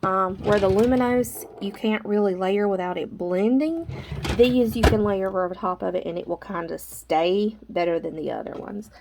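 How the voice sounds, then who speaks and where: A chatty woman walks through her art supplies in an easygoing vlog, a little out of breath, with plenty of filler words. Her voice has a gravelly, fry-tinged edge, and a faint hiss sits under the recording. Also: mid-range voice, moderate pace. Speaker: artist showing her drawing supplies. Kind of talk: casual show-and-tell vlog.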